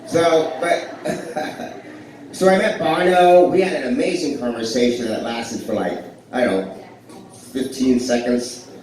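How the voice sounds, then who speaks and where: A male comedian in his forties telling rambling, self-deprecating stories from a club stage, with plenty of back-and-forth with the crowd. His voice sits at an ordinary middle pitch. The recording is very echoey and distant, with a faint murmur of the room behind him. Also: takes it slowly, darkish tone, a little hiss or hum. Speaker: stand-up comedian. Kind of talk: live stand-up storytelling. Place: blues club stage with a live audience. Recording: echoey club heard from far off.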